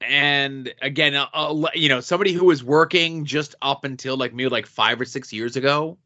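A man's voice: mid-range voice, moderate pace, sharp tone, muffled recording. A man co-hosting a podcast in casual chat, wry and joking, often restarting his sentences. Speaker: podcast co-host. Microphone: remote call recording.

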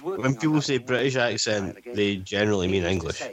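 A man's voice: on the low side, lively intonation, fairly quick, crowd noise. A man, making dry, nitpicking remarks in a casual film commentary. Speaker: podcast co-host.

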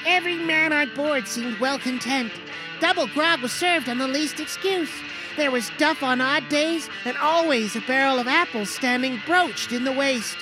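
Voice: sits high, normal speed, natural voice, poor audio. A performer playing a young cabin boy who narrates a sea voyage. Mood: earnest. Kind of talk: storybook narration in a comedy sketch. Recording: music playing under the voice.

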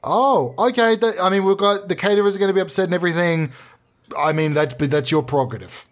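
A man improvising a comedy sketch, talking in a blustering, sweary, mock-calm way. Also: high-pitched, quick pace. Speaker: comedy podcast host.

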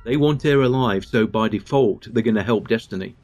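A man's voice: lowish voice, brisk, a little mellow, soft background music. A man hosting a podcast, giving casual commentary and reading out episode trivia while watching along. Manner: chatty, chuckling, reads out episode trivia. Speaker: podcast host.

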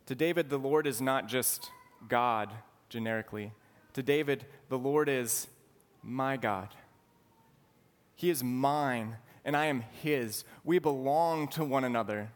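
A man preaching a sermon, explaining scripture in an earnest, teaching manner. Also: mid-range voice. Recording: long hall reverb.

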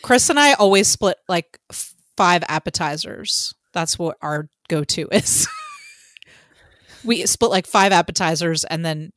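A woman's voice: fairly low pitch, expressive, a little slow, a bit bright, no echo, studio quality. Blunt, laughing woman podcast host. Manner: blunt, swears freely, laughs often. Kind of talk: casual chat.

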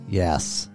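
A man co-hosting a podcast in casual chat, joking and laughing easily. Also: darkish tone. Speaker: podcast co-host.

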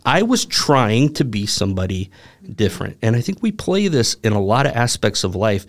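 A man's voice: on the low side, sing-song, moderate pace. A man who is a pastor, telling stories in a casual talk about faith. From Michigan.

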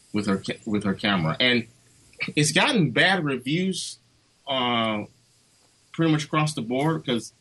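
A man in casual podcast talk with a bright, forward voice that rises and falls a lot. He talks at length and tells stories in detail. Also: mid-range voice, poor audio. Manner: talkative, retelling a film at length. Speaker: co-host.

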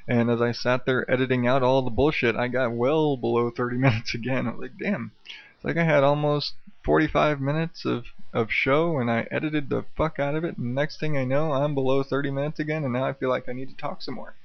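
A man's voice: medium pitch, fairly even intonation, brisk, creaky, no echo, muffled recording. Male solo podcast host, rambling and profane, self-mocking; dry, close sound through an old karaoke mic at home. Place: untreated room at home, late at night. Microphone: old dynamic karaoke microphone.

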